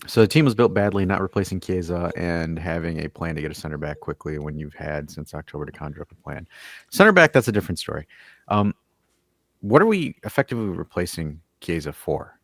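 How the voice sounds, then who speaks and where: Low-voiced man arguing football, dry sound. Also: brisk, no echo. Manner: stammering restarts, argumentative, reads out viewer comments. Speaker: host. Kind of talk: casual call-in sports podcast chat.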